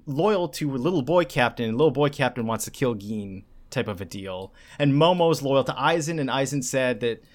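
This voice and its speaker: A man's voice: medium pitch, normal speed, few pauses. A man co-hosting a podcast, chatting casually and acting out character lines as he recaps an anime. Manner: animated, acts out character lines while recapping. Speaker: podcast co-host. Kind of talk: casual chat.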